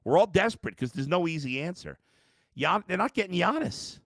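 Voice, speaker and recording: A man's voice: sits high, big pitch swings, fairly quick, a bit bright, no room sound, studio quality. Exasperated sports podcast host, man. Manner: exasperated, blunt, profane, reads fan comments aloud. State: worn out and frustrated. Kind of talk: live-streamed sports reaction.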